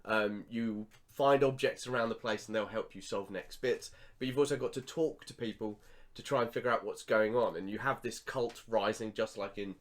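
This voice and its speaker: A man co-hosting a podcast, telling stories with lively acted-out reactions. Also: lowish voice, moderate pace. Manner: animated storyteller, acts out his reactions. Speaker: podcast co-host. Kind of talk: casual chat.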